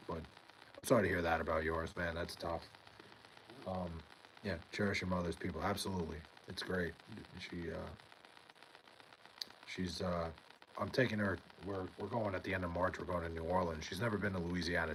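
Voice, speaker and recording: Low-voiced young man chatting on stream. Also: fairly bright tone, slight background noise, poor audio. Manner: rambling, swears often, talks to chat by name. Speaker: livestream host reading chat. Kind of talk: casual livestream chat. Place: home in New York.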